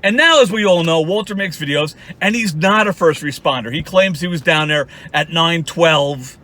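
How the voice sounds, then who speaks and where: A man's voice: a little high, moderate pace, sharp tone. A man ranting in a mocking, profane commentary with lots of restarts. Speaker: YouTube commentator.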